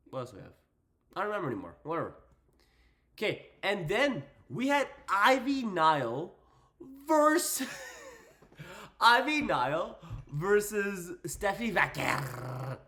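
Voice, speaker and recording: A man's voice: fairly high pitch, pushed and bright. A man giving a casual, slangy wrestling recap, putting on voices for quotes. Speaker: wrestling commentator.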